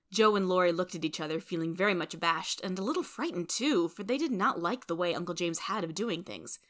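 A woman narrating a storybook in a steady, clear reading voice. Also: lowish voice, fairly quick, hardly any pauses. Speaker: reader.

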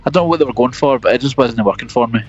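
A man in casual podcast chat, blunt and opinionated, with a mid-pitched voice. His audio sounds a little dull and lo-fi. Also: racing, husky, soft background music. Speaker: podcast co-host.

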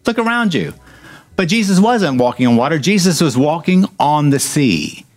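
A man's voice: fairly high pitch, very animated, moderate pace. A man preaching a sermon, reading scripture and breaking into joking asides, hammering points with repetition.

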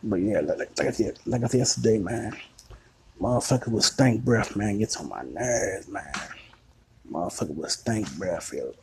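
A man's voice: lowish voice, moderate pace, breathy edge. A man giving a rambling, crude comic rant, repeating himself and putting on other people's voices. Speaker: comedic ranter.

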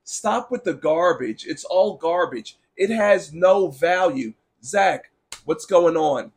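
A man's voice: a little high, expressive, slow pace. A man hosting a casual sports talk stream, ranting bluntly and sarcastically while answering chat, with a sore throat. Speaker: sports talk show host.

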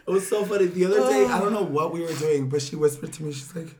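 A woman's voice: on the low side, quick pace, darkish tone. Playful teasing woman telling a story. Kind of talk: casual chat.

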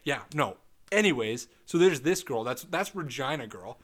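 A man's voice: mid-range voice, moderate pace. Foul-mouthed young man telling a story. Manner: animated storytelling, swears a lot, acts out text exchanges. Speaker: podcast co-host. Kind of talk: casual crude banter.

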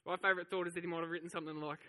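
A man's voice: high-pitched, level tone, rapid-fire, pushed and bright, big-room sound. A man preaching a sermon, telling the story with animation and acting out the voices of the crowd. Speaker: pastor.

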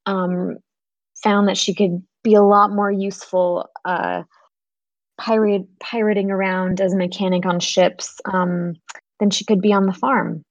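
A woman guest player describes her character slowly and haltingly, filling her pauses with "um"s. Her voice stays flat and even, and the sound is dry. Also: medium pitch, dry recording, muffled recording.

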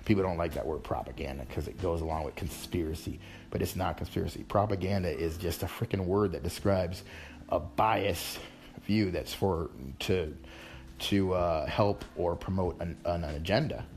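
A man's voice: sits low, normal speed, darkish tone. A man in a rambling, exasperated monologue, often restarting his sentences. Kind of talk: casual ranting monologue.

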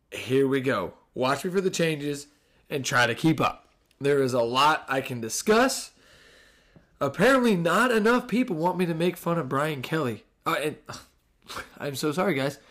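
A man's voice: fairly high pitch, measured pace. Sarcastic New Jersey podcast host, man. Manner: sarcastic, animated, swears casually. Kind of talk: casual solo podcast rant.

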